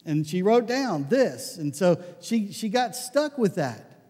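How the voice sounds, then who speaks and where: High-voiced male preacher in a reverberant hall. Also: takes it slowly, breathy edge. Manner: conversational, animated storytelling with repeated restarts. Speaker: pastor. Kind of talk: sermon.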